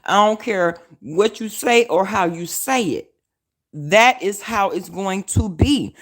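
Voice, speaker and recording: A woman, hosting a casual phone live stream and talking in a brash, profane, trash-talking way. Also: on the low side. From Alabama, US.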